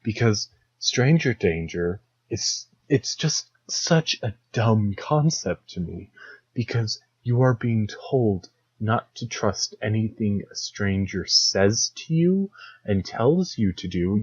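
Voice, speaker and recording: A man's voice: fairly low pitch, husky, no echo. A young man hosting a solo comedic podcast, rambling sarcastically and slipping into mocking impressions. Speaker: podcast host. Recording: dull lo-fi dry recording.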